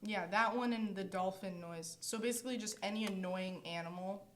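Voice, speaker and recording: A woman's voice: mid-range voice, moderate pace, slight background noise. A young woman hosting a casual podcast, rambling with lots of filler words and frequent laughs, in a small room on a podcast mic. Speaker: podcast host. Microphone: podcast microphone.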